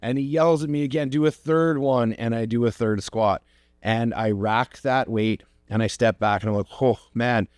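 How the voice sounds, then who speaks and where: A man's voice: fairly low pitch, normal speed, a little mellow, no echo, studio quality. A man hosting a podcast, telling a personal story in an earnest, reflective way and encouraging his listeners. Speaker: podcast host.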